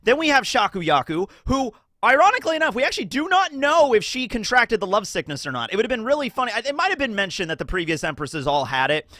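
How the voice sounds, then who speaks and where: A man hosts casual anime theory commentary in a high, bright voice. He rambles and fills his talk with fillers, jumping into animated acted-out dialogue. The recording is dry and close, with no room sound. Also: fast, hardly any pauses, no room sound. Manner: rambling, filler-heavy, acts out characters in animated bursts.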